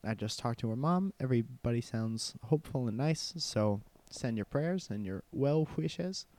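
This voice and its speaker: A man's voice: mid-range voice, lively intonation, moderate pace, a little mellow. A man hosting a podcast alone, chatting casually with joking, rambling asides into a handheld recorder. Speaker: podcast host. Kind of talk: casual solo podcast chat. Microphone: handheld portable recorder.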